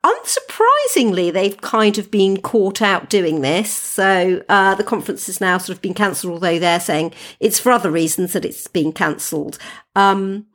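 A woman guest on a podcast, a freelance tech journalist, talking in a measured, slightly hesitant way. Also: mid-range voice, lively intonation, fairly bright tone. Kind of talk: casual chat.

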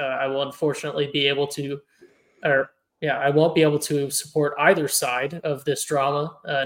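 On a podcast, a male co-host with a slightly high voice chats casually, rambling and frequently restarting his sentences amid plenty of fillers. The audio quality is poor.

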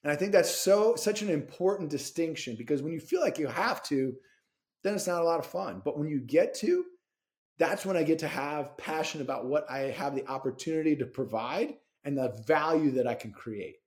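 A man, a dentist and interview guest, telling his own story in an animated, informal way. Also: a little high, normal speed. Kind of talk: casual personal storytelling.

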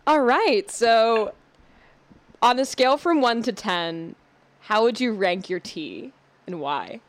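A woman hosting a casual podcast chat, bubbly and upbeat with quick reactions. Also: a little high, expressive. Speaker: podcast host.

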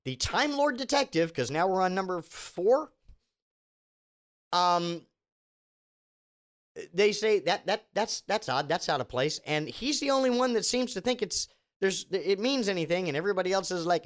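Animated, high-voiced ranting man. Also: moderate pace, pauses often. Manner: animated, sarcastic, rambling with restarts. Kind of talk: comedic rant.

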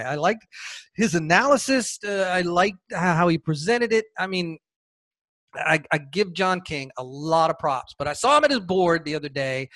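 A man hosting his own podcast, talking casually in a sarcastic, animated way with mocking asides. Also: high-pitched, no echo. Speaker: podcast host. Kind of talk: casual opinion podcast monologue.

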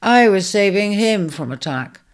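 A woman voicing a wounded male lion who speaks slowly and wearily in a storybook reading. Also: medium pitch, animated, pitched above the performer's own voice, lightly acted. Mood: weary. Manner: slow, weary.

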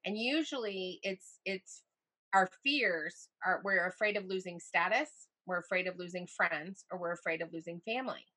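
A middle-aged woman as a podcast guest, talking in a casual, animated way and turning vivid when she retells moments from her life. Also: moderate pace. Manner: animated storyteller, voice jumps high in retold moments. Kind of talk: casual interview chat.

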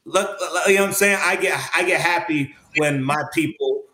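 A man's voice: a little high, fairly quick, bright, forceful tone. A man speaking earnestly as an interview guest, searching for his words with many fillers and restarts in reflective conversation. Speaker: interview guest, creative artist. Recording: roomy echo.

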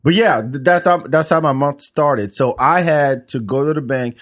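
A man hosting a podcast in casual chat, telling stories and acting out phone calls in an animated way. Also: on the high side, normal speed. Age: adult with young son. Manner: animated storyteller, acts out calls. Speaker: podcast host.

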